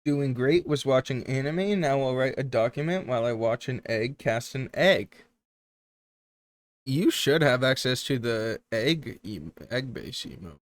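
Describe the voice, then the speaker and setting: A man casting a strategy game tournament live on stream, chatty and joking with quick asides. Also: mid-range voice, expressive, no echo.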